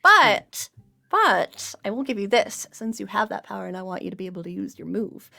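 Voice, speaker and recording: A woman's voice: mid-range voice, sing-song, normal speed, creaky, pushed and bright. A woman narrating a tabletop game as game master in casual, chatty talk. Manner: casual, chatty, laughs often.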